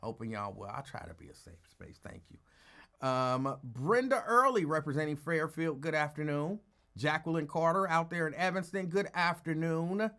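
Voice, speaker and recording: A man's voice: fairly high pitch, normal speed, clear, resonant tone. Tired, easygoing man hosting a live chat. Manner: easygoing, greets listeners by name, rambling; calm, holding back from yelling. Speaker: talk show host. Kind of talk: casual live-stream chat.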